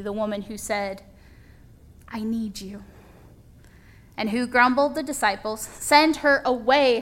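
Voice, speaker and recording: Woman preacher, folksy conversational sermon, slightly high voice, acts out little dialogues. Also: sharp tone.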